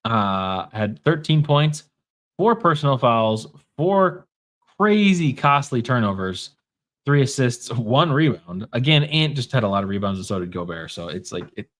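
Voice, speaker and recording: A man's voice: mid-range voice, big pitch swings, unhurried, fairly bright tone. A man with a Minnesota accent hosting a casual livestream, talking in a wry, offhand way and reading comments from the chat aloud. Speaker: podcast host.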